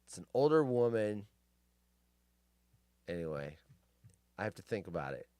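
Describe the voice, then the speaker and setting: Animated, crude-talking male streamer. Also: fairly low pitch, moderate pace, clear, resonant tone, no room sound, studio quality. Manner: crude, rambling asides with frequent swearing; animated, jumps between loud outbursts and mutters. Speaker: live-stream host. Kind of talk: casual live-stream commentary reading news stories.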